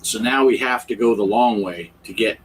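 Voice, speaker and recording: A man's voice: on the low side, moderate pace, slight background noise, poor audio. A man hosting a casual livestream chat, telling rambling stories. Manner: chatty, rambling storyteller. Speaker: livestream host.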